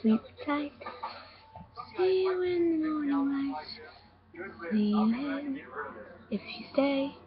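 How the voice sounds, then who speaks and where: A woman's voice: high-pitched, slow pace, long pauses, crowd noise, voice pushed up. A woman putting on an eerie ghost girl's singsong voice. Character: creepy ghostly little girl, sweet and eerie. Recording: dull lo-fi recording.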